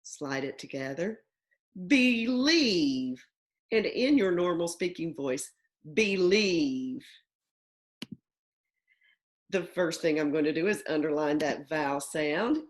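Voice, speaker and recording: A woman teacher giving a phonics lesson to young children from home, slow and deliberate, stretching out sounds and words. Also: low-pitched.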